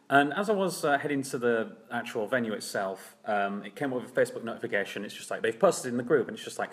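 A man's voice: mid-range voice, animated, fast, few pauses. A man co-hosting a casual chat, telling a story in a rambling way with plenty of fillers. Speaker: podcast co-host.

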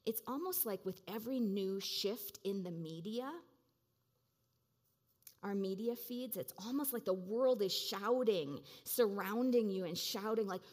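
A woman's voice: medium pitch, moderate pace, a little mellow. Woman preaching a conversational sermon. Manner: conversational, reflective, many "like" and "you know" fillers.

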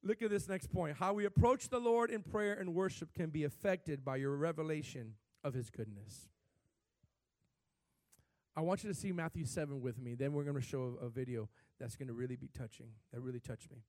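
A high-voiced male pastor preaches an animated sermon a little fast, his voice swelling suddenly in pitch and volume. The recording is dry and close, with no echo.

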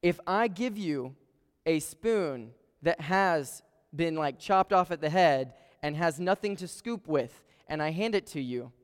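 A man preaching to a student group, his voice clear and resonant as it rings through a large hall with a long reverb. He tells stories animatedly, dropping to a hush and then surging loud, and sits a little high in pitch for a man. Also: animated, a little slow. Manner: storytelling with sudden swings between hushed and loud. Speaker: campus ministry speaker.

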